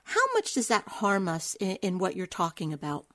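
A woman's voice: on the low side, expressive, normal speed, fairly bright tone, dry recording. A woman hosting a radio show asks thoughtful, searching interview questions.

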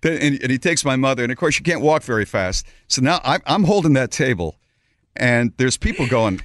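A man's voice: mid-range voice, fairly quick, no room sound, clean studio sound. A middle-aged man hosting a talk show, telling a story and acting out the quotes. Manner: animated storyteller, acts out quotes. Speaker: radio show host.

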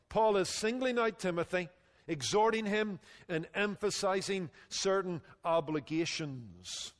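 A male pastor preaching a sermon with emphatic delivery that drops low and quiet on key phrases. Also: a little slow, big-room sound.

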